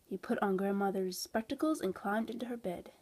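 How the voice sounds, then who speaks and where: A woman reading a children's storybook aloud in a calm, expressive narration. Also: medium pitch, brisk, slightly rough. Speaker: storybook reader.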